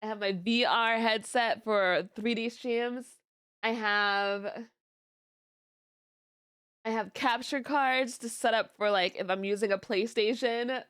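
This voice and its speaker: A young woman VTuber chatting casually on stream, telling stories in an animated, giggly way and sounding tired. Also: fairly high pitch, takes it slowly, clean tone.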